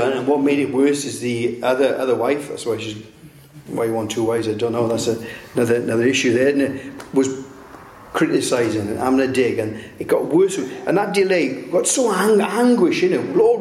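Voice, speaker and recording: A male preacher delivers a sermon in a noticeably echoey room, his voice sitting at an ordinary middle pitch. He talks in halting bursts, restarting phrases and tossing in tag questions as he goes. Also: darkish tone.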